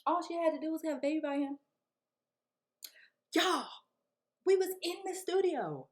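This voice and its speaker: Young woman, casual storyteller, slang-heavy, expressive melody. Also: high voice, normal speed. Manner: animated, slangy, acts out quotes. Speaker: vlogger.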